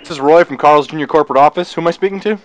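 A brisk corporate official fires questions and demands a report, as a man puts him on. He talks fast in a slightly high voice. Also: highs cut off, natural voice. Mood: officious.

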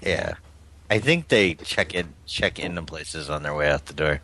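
A man's voice: very deep voice, moderate pace, pushed and bright, a little hiss or hum. A man co-hosting a podcast, chatting casually in a laid-back, joking way. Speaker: podcast co-host. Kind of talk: casual chat.

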